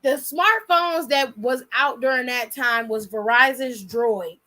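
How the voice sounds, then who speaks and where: A young woman hosting, telling a story in a blunt, profane and animated way. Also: fairly high pitch, a little slow. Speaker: host. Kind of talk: casual storytelling.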